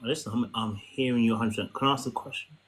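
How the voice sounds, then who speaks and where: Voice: mid-range voice, fairly even intonation, fast, slightly rough, low-quality recording. A host cutting in briefly to affirm the speaker and ask a follow-up question. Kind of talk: casual chat.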